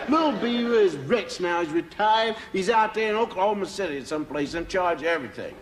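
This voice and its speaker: A man's voice: high-pitched, lively intonation, brisk, roomy sound, a crowd in the background, noisy background. An actor playing an exasperated, complaining male sidekick in a televised comedy sketch. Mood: accusing. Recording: studio audience laughter.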